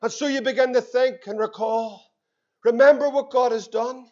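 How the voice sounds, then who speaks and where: A Northern Irish man preaching a sermon as pastor, impassioned and rising to shouts. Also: extremely high pitch, fairly even intonation, moderate pace, highs cut off. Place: church.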